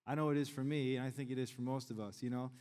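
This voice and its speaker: A middle-aged pastor with a deep, darkish, clear and resonant voice preaches rapid-fire with fairly even intonation. He jokes conversationally with his congregation, and the large church sanctuary gives a long reverb.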